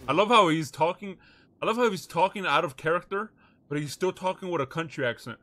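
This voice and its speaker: A male streamer casually reacting to clips and thanking viewers, excitable and cussing. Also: on the high side, fairly quick.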